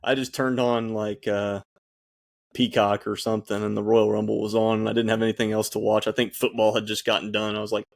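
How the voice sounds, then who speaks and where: A man co-hosting a casual podcast, chatty and quick to laugh while telling stories. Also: lowish voice, little pitch movement, vocal fry. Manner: chatty, laughs often, storytelling. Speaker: podcast co-host. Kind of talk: casual chat among friends.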